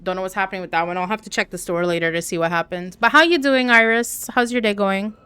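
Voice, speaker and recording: A young woman from Canada chatting casually on a live stream while gaming, talking to her chat with an animated, swearing manner. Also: mid-range voice, fast talker, clean tone. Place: home room.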